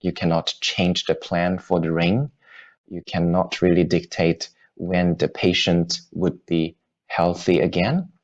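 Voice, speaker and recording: Slow-talking guy teaching grammar, goes over each example twice, kinda muffled audio. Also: deep voice, flat delivery. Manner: patient, explains with repeated examples. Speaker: language teacher. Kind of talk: grammar lesson.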